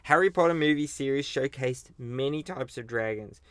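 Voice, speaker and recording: Chatty man with a smooth voice. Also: medium pitch, normal speed, dry recording. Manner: chatty, chuckles at his own slips. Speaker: podcast host. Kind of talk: casual movie countdown commentary.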